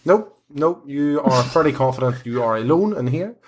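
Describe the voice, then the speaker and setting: A man's voice: medium pitch, expressive, moderate pace. A man running a tabletop game as game master, describing scenes with many fillers and restarts. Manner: rambling, hesitant descriptions.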